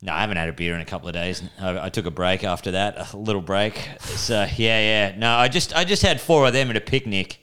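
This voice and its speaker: A man's voice: on the low side, a little fast, hardly any pauses, bright, forceful tone, clean tone. A young Australian man co-hosting a casual comedy podcast in a laid-back, chatty way, swearing freely. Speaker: podcast co-host.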